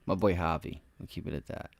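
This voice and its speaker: A man with vocal fry runs a day-trading livestream, talking directly to viewers with slangy, braggy commentary on the live market. Recorded with no room sound, he swings from loud, excited bursts to low mutters aimed at himself.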